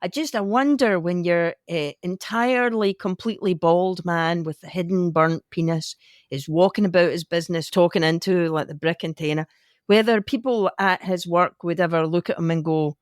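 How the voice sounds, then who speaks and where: A woman's voice: on the low side, moderate pace, no room sound. Teasing Scottish woman, dry sound. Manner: teasing, playfully curious questioning. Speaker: podcast co-host. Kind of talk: casual chat.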